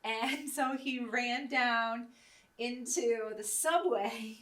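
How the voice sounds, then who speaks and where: A woman's voice: fairly high pitch, very slow, a bit bright, recorded from a distance. A woman hosting her own show, telling stories casually and laughing often as she talks. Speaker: host interviewing herself. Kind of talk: casual anecdotal storytelling. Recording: echoey room, voice a bit off-mic.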